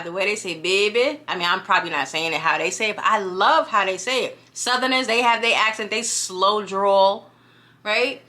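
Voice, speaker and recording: This young woman from New York vlogs in a medium-pitched voice that sounds pushed and bright, carrying a New York accent. She talks to her camera casually and animatedly, often tossing in "you know what I'm saying."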